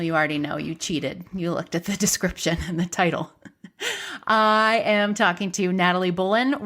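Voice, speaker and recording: Chatty, animated woman podcast host. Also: lowish voice. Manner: chatty, animated, laughs often. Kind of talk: casual podcast interview.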